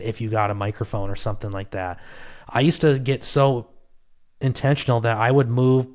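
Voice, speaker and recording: A man's voice: medium pitch, a little mellow. Man, trial lawyer guest, casual podcast chat, easygoing, self-deprecating.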